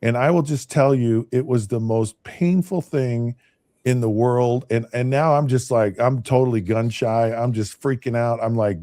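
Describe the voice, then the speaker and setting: Speaking at a moderate pace in a mid-range voice, this man in his fifties, a podcast host who once played quarterback in the NFL, loosely rambles through a lengthy story with a relaxed, mellow tone. He keeps circling back, restarting and repeating words, in a close, dry recording with no room around it.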